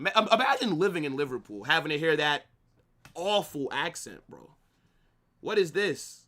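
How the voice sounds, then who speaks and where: A cocky man hosts a live football watch-along and spars with his viewers through the whole stream, swearing often and calling everyone bro. His voice sits a little high and comes across bright and forceful on a streaming mic. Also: big pitch swings, moderate pace. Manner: brash, trash-talking, swears a lot, calls chat "bro" and "brother". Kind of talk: live match watch-along, arguing with chat.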